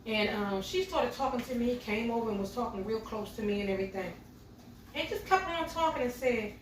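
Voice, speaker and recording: A middle-aged woman with a fairly high voice chats quickly to her viewers, whom she calls y'all, telling a story as she cooks at home for her vlog. The recording is roomy and made from a distance, with slight background noise.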